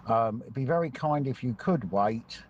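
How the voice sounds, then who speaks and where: A man's voice: medium pitch, lively intonation, a little hiss or hum, close to an everyday voice. Brief: man voicing a hesitant, meek leader begging for more time, muffled voice-note sound. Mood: pleading. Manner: hesitant, halting. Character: impression of a national leader, pleading and timid. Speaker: listener sending a voice note.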